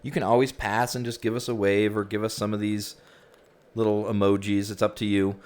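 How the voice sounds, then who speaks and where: A man with a low, deep voice welcomes people into a virtual room, talking in a relaxed, chatty way full of little fillers. The sound is close, as through a headset microphone. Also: fairly quick. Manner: easygoing, chatty, frequent "you know" and "um". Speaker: host of a virtual reality group session. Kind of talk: casual group hosting.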